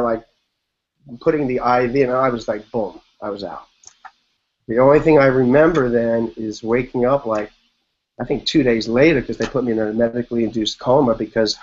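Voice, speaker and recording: A man in his fifties sits in as a podcast guest and tells his story in a relaxed, meandering way, with fillers all through it. His voice sits at an everyday middle pitch for a man. The recording sounds a bit dull and lo-fi. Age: 50s. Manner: rambling, loose retelling full of "like" and "you know". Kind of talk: casual interview storytelling.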